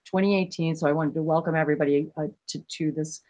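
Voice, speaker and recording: A woman hosting a spiritual livestream, talking casually in an earnest, emotional way, rambling with many halting restarts. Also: low-pitched, fairly even intonation, darkish tone.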